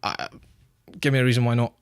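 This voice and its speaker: A man's voice: medium pitch, little pitch movement, smooth. Scottish guy cohosting a football podcast, sure of himself, cuts in a lot. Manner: quick, assertive, talks over his co-host. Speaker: podcast co-host. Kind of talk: casual football chat.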